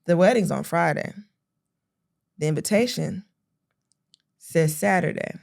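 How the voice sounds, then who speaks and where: A young woman co-hosting a podcast in casual chat, telling a story with lively acted-out quotes. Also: fairly low pitch, a little slow, creaky. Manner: animated storytelling, acting out quotes with a raised voice. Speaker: podcast co-host.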